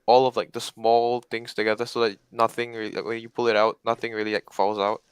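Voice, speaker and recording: A man chatting casually as a guest, soft-spoken and halting as he explains the gifts he sent. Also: medium pitch, level tone, smooth, no echo. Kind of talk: casual chat.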